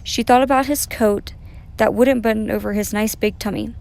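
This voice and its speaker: A woman reading a children's story aloud, gentle and expressive. Her voice sits a little high for a woman, clear and friendly. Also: normal speed.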